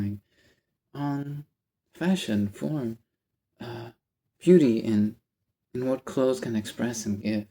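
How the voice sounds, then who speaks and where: A man's voice: medium pitch, normal speed, gravelly. A man telling a rambling story to camera in a casual vlog, often stopping to correct himself. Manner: rambling, animated, self-interrupting. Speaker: vlogger.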